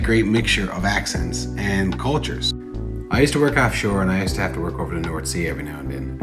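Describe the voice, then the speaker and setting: A man explaining in an earnest, measured way in an informal video. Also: lowish voice.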